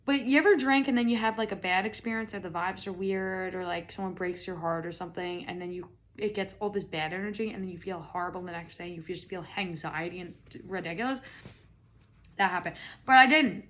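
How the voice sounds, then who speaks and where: A young American woman hosting a podcast, telling a comedic story in a chatty, animated way with lots of "like" and some swearing. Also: fairly low pitch, a little fast. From United States. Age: young adult. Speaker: podcast host.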